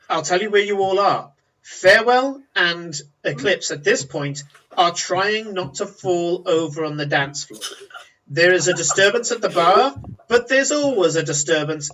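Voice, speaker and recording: A man narrating a tabletop game as game master, descriptive and pausing with fillers. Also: high voice, animated, background noise. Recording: voice a bit far from mic.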